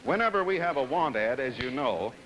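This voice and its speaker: A man hosting a TV game show, brisk and cheerful as he calls up contestants and reads the scores. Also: mid-range voice, expressive, poor audio. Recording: 1960s TV broadcast, loud studio audience and noise.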